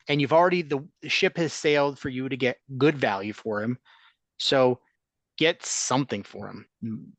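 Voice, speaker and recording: A man's voice: medium pitch, a bit bright, no echo. A man hosting a sports talk podcast, chatting casually and giving opinions in a rambling way with restarts. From Chicago area.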